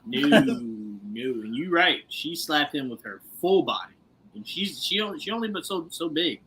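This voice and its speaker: A man's voice: fairly high pitch, big pitch swings, normal speed, sharp tone. A man co-hosting a casual TV recap podcast, joking and laughing often, swearing freely. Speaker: podcast co-host.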